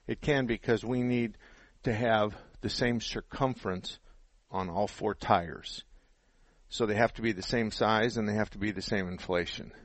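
Folksy radio car-advice host, low voice. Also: male voice, steady tone, normal speed, no room sound. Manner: folksy, practical, explains step by step. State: out of breath. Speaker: radio show host, auto mechanic. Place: radio studio. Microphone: headset.

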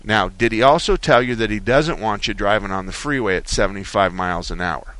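A man hosting a call-in car repair radio show, explaining things slowly and folksily with frequent restarts. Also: fairly low pitch, fairly bright tone, dry recording.

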